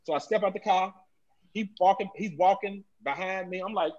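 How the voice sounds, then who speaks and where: Husky, emphatic man on a dull recording. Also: sits high, a little fast, darkish tone. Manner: emphatic storytelling with repeated phrases. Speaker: police officer guest. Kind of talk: candid panel discussion. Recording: dull lo-fi audio.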